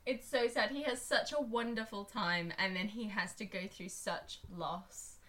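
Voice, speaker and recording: English girl chatting, giggly, sweary, bright voice. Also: medium pitch, fairly even intonation, a little slow. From England. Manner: giggly, swears freely, sings and squeals playfully. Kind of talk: casual chat.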